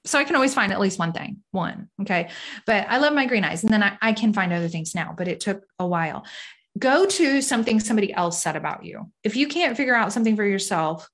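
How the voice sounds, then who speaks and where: A middle-aged woman speaks at home in a loose, rambling way, full of fillers and asides. She is candid and a little self-mocking, and she gently urges her listeners on. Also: mid-range voice, lively intonation, fast talker. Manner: chatty and rambling, lots of "like" fillers; candid, self-deprecating, encouraging. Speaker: faith-based self-esteem speaker. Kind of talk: casual talk to camera. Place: home room.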